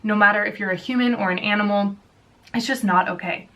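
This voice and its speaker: A young woman hosts a casual solo podcast, speaking earnestly and with feeling. She trips over her words and starts sentences again. Her voice sits at an everyday pitch and sounds a little far from the mic. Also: fairly even intonation, fairly quick, pushed and bright. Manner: earnest, emotional, many restarts and fillers. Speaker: podcast host.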